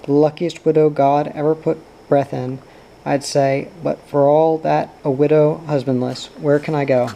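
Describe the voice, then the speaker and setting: A man's voice: on the high side, little pitch movement, moderate pace, vocal fry, dark tone, a little hiss or hum, poor audio. A man voicing an older widowed farm woman, pious and weary, speaking plainly and mournfully.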